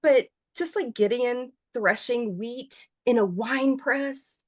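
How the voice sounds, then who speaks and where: A woman, a writer and journalist, telling her story as a guest on a podcast interview, heartfelt and expressive, her voice leaping up when she gets emotional. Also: slow pace, dry recording. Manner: voice jumps high when emotional.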